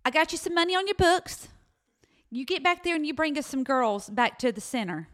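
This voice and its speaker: A woman's voice: high voice, expressive, fairly quick, a bit bright, voice pushed up. A woman voicing a sweet but tough older Southern woman who mentors her, with a Southern US accent. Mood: brisk, bossy.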